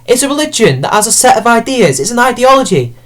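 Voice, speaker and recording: A man's voice: extremely high pitch, sing-song, fast. A man giving a sarcastic, profane rant as an online commentator picking apart an article.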